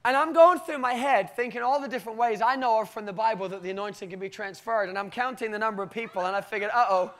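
Speaking fast with hardly any pauses, a British preacher delivers a sermon built on a personal story. His voice is very high for a man, and he tells it animatedly, laughing often.

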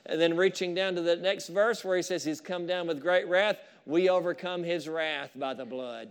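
A man preaching a fervent sermon, with asides to the congregation and rising shouts of praise. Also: sits high, normal speed, clear, resonant tone. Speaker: pastor.

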